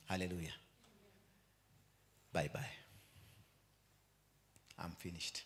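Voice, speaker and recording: Kenyan man preaching, switching loud and low. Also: lively intonation, normal speed, long pauses. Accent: Kenyan English. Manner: mixes Swahili into English, repeats phrases, swings from loud to low. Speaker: apostle preaching. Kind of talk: sermon.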